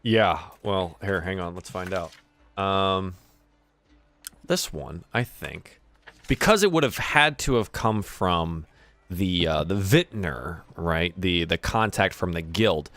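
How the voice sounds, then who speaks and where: A man's voice: low-pitched, animated, takes it slowly, fairly bright tone, no room sound. A man narrating a tabletop game as game master, describing scenes and stopping to improvise details.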